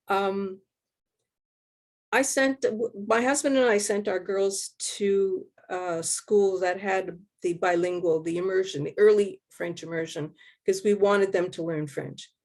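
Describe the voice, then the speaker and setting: An older woman from Quebec, slightly hoarse and losing her voice, answering interview questions on a video call in a thoughtful, rambling way with restarts. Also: mid-range voice, fairly even intonation, unhurried, a little mellow. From Quebec, Canada.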